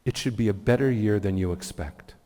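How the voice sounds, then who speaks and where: A man's voice: on the low side, a little fast, dark tone, long reverb tail. A man giving a heartfelt, inspirational speech with personal stories as guest speaker at a community meeting. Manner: heartfelt, earnest storytelling. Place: community event hall.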